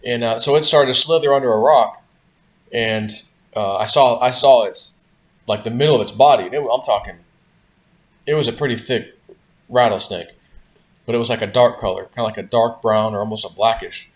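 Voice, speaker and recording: A man's voice: medium pitch, moderate pace. Rambling man telling a story. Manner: rambling, full of "you know" and "like". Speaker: vlog host. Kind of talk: casual storytelling to camera.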